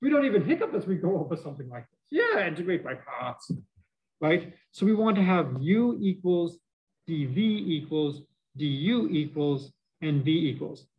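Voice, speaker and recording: Man, Boston accent, high voice, animated lecture, muffled by a mask. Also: moderate pace. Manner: animated, joking asides to students. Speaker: math professor. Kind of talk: university lecture. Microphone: muffled by face mask.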